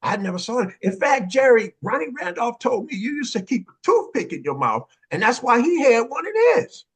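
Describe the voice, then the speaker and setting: An older man tells a story in a high, husky voice. His pitch swings wide as he acts out every voice in it, with plenty of street slang and mounting excitement. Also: brisk. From Oakland, California. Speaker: panel guest, dance pioneer. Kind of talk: animated storytelling in a panel conversation.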